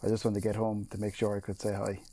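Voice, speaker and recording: Joking man, quick casual podcast banter. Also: on the low side, completely flat delivery, mellow. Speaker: podcast guest.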